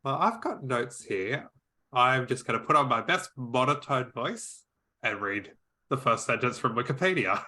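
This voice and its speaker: Sweary Australian man, bright voice. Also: lowish voice, fairly quick. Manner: crude, swears often. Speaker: podcast guest. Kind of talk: casual chat.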